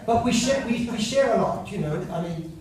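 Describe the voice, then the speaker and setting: A man's voice: sits high, lively intonation, moderate pace. An older English man doing stand-up, telling stories and teasing the audience in a chatty way. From England. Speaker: comedian and after-dinner speaker. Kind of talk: stand-up storytelling. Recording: echoey hall from far off, loud noise.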